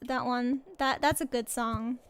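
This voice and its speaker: A woman's voice: a little high, fairly even intonation, a little slow, a little hiss or hum. A young Australian woman chatting casually while streaming a game, rambling and giggling as she talks. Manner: rambling, giggly, self-interrupting. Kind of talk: casual gaming stream chat.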